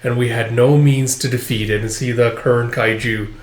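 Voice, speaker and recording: A man's voice: mid-range voice, fairly even intonation, normal speed. A man casually reading through a comic chapter, rambling and using lots of filler words. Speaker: manga chapter reviewer. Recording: echoey room.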